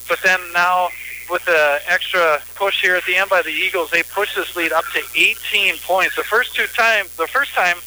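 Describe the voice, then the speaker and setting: A man's voice: sits high, sharp tone, a little hiss or hum, rough recording. A man announcing a girls' basketball game on local radio. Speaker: play-by-play sports announcer. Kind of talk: local radio sports commentary.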